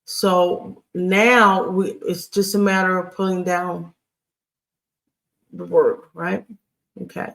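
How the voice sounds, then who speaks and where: Here the Hebrew grammar teacher has a mid-range, level voice with vocal fry and a slightly bright quality. The lesson is recorded as the teacher writes on screen, pausing haltingly, staying patient and often checking in with the class.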